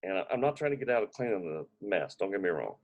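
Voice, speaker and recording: A man's voice: low voice, big pitch swings, fast talker, highs cut off. A man coaching people on brain injury recovery, talking loosely with many fillers and restarts and telling stories from his own life. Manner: tells personal stories to make his point. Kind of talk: casual spoken advice talk.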